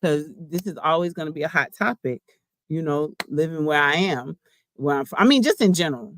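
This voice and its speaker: A woman's voice: deep voice, expressive, a little fast, slight background noise. Slangy woman giving a spiritual reading. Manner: slangy, chatty, talks straight to viewers. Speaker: spiritual reader. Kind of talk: casual spiritual card-reading chat.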